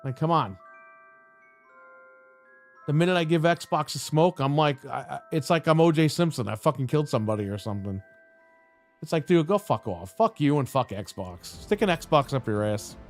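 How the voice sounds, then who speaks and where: On a live stream, a man with a higher-pitched voice rants angrily and bluntly, swearing heavily and mocking the voices of those he's arguing with. His intonation is lively, his pace moderate, and faint music plays in the background.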